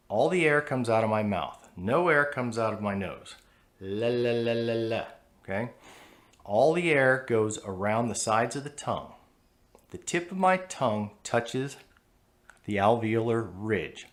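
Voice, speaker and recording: A US-born man with a medium-pitched, slightly bright voice walks learners through pronunciation. He is patient and measured, showing each sound as he explains it.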